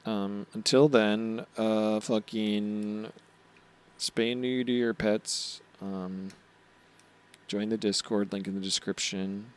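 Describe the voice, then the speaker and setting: A man co-hosting a casual podcast, recapping anime episodes, excitable and swearing, acting out character lines in quick voices. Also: fairly low pitch, clean tone. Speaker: podcast co-host.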